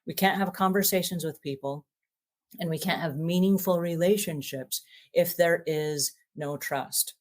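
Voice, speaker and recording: A woman's voice: fairly low pitch, unhurried, darkish tone. Earnest woman host talking to camera. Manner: earnest, acts out little quoted exchanges. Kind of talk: motivational talk to camera.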